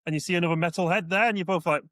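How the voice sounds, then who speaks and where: A man co-hosting a casual podcast. He talks in a relaxed, friendly way, and his voice sits a little high. The sound is dry and close. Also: rapid-fire, dry recording. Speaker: podcast co-host.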